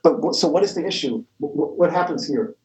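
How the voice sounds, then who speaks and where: A man's voice: on the high side, expressive, moderate pace, a little mellow, reverberant, poor audio. A man lecturing a math class, rambling and correcting himself as he goes, with the odd chuckle. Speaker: math professor.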